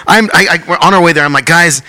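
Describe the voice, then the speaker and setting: A young man, a guest musician telling a long story in a lively, laughing way, acting out quotes in a high voice. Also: fast talker. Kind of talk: casual storytelling.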